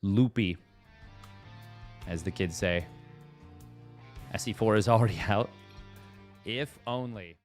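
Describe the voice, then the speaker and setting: A man's voice: lowish voice, slow, long pauses, soft background music. A man doing casual live commentary on a strategy game match, playful and self-mocking, wandering into joking asides. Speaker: esports caster.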